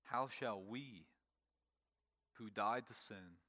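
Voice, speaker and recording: A man preaching a sermon, emphatic, with pauses and repeated phrases, speaking to a congregation in a church. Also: fairly low pitch, sharp tone. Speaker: pastor.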